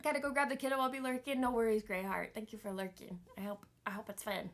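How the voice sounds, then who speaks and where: A woman's voice: on the high side, flat delivery, fast, hardly any pauses. A woman streaming a game live, chatting to viewers, giggling and thinking aloud while she fiddles with her settings.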